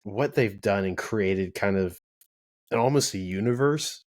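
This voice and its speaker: A man who is a podcast guest, talking in a measured, thoughtful casual chat with some restarts. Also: lowish voice, no echo, studio quality. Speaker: podcast guest, sports commentator.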